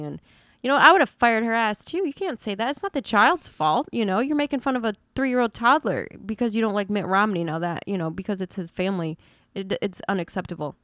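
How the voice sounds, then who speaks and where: A woman's voice: medium pitch, expressive, fairly quick, fairly bright tone, no echo. Woman, podcast co-host, casual chat, blunt, opinionated, swears a lot, dry room.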